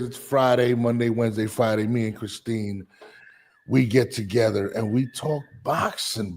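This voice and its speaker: A man's voice: mid-range voice, fairly even intonation, a little slow, darkish tone, slight background noise. Chatty male podcast host. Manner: loose, talkative, with frequent restarts. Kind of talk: casual boxing podcast chat.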